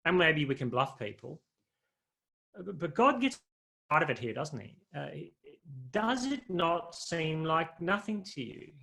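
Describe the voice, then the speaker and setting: A man's voice: on the high side, big pitch swings, a little slow, pushed and bright. A man preaching a sermon in a conversational, humorous way, often putting questions to his listeners.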